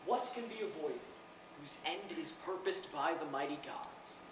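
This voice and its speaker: A man's voice: a little high, expressive, unhurried. A man playing Caesar, a proud and defiant Roman ruler in an outdoor stage play, declaiming boastfully. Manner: boastful, declamatory, talks of himself by name. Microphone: far camera. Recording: distant, echoey open-air stage recording with noise.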